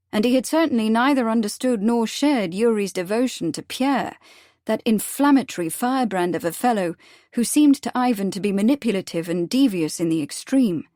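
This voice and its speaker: A woman reading a period mystery audiobook in a measured, even scripted narration. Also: mid-range voice, no room sound, clean studio sound.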